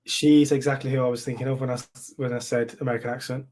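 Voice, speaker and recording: A man's voice: mid-range voice, flat delivery, fast, a little mellow. A British man, a musician guest, chatting casually and matter-of-factly over a video call. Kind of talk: casual chat.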